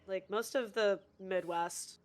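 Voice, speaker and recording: A woman's voice: mid-range voice, fairly even intonation, takes it slowly, darkish tone. A woman live-streaming a co-op game, chatting casually and rambling with lots of fillers and restarts.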